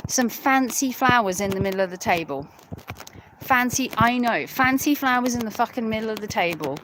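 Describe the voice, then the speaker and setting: A woman's voice: a little high, expressive, normal speed, a bit bright, a little hiss or hum, low-quality recording. Giggly British woman streaming outdoors. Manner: giggly, teasing, swears casually. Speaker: livestream host. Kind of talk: casual live chat with viewers. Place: outdoors at night near a hotel and graveyard.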